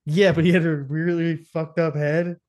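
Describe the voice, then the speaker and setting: A man's voice: a little high, little pitch movement, normal speed, darkish tone. Profane, laid-back young man chatting. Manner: profane, laughing, storytelling. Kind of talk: casual chat.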